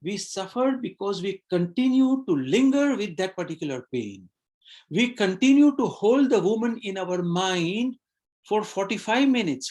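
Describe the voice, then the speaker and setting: A man's voice: high voice, darkish tone. A man running a webinar, telling a fable and drawing its lesson in an earnest way, often repeating phrases and speaking to listeners as "you and I". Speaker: webinar trainer. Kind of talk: motivational talk with storytelling.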